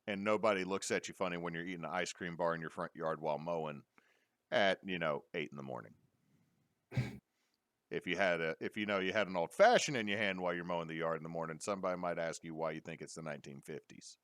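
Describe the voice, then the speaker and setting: Guy, middle-aged, low voice, dry close sound, lively storyteller for a chat show. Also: quick pace, no room sound. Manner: animated storyteller, acts out quotes. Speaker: podcast co-host. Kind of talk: casual chat.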